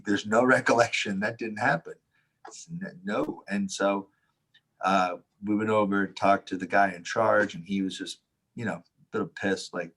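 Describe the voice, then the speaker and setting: A man co-hosting a casual talk, telling an anecdote with lively quoted dialogue, frequent laughs and swearing. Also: lowish voice, a little slow. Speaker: Taoist teacher, podcast co-host. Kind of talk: casual storytelling chat.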